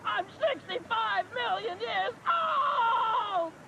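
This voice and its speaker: A performer voicing a greedy, bony old dinosaur who is dressed as Santa and shouts and whines for money. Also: extremely high pitch, sing-song, moderate pace, creaky, highs cut off, crowd noise, noisy background, exaggerated voice. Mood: whining. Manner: shouting, whining, grabby. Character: greedy skeletal dinosaur posing as a street Santa.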